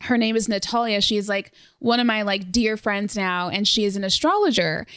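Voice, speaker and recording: A young woman hosting a podcast in casual conversation, lively and fond of acting out what others said to her. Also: mid-range voice, moderate pace, clear, resonant tone, dry recording, studio quality. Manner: animated, acts out quoted exchanges. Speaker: podcast host. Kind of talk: casual interview chat.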